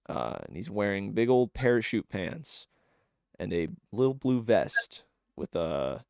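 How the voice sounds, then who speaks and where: A young man runs a tabletop game. His narration is slow and halting, full of fillers, with a gravelly edge and a lively swing in pitch. The sound is dry and close. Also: dry recording. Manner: rambling, halting, with frequent fillers. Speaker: game master.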